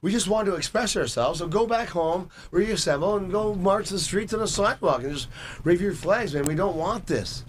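A man's voice: sits high, normal speed, slight background noise. A man from Canada talking as a guest in casual chat, rambling, swearing heavily and speaking with emotional, preachy fervor. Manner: fervent and preachy.

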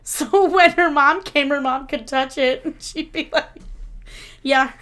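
A woman's voice: sits high, unhurried. A woman in her thirties co-hosting a casual podcast, telling stories and laughing through them. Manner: laughs through stories, animated when quoting. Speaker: podcast co-host. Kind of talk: casual chat, storytelling.

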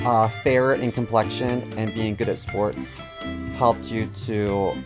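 A man co-hosting a comedic podcast, feeding quick teasing setups and comebacks. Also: lowish voice, steady tone, music in the background. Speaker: podcast co-host.

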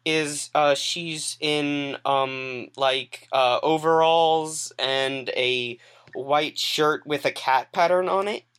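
A woman's voice: low voice, slow pace, clean tone. A woman narrating a tabletop game as game master, hesitant with many fillers.

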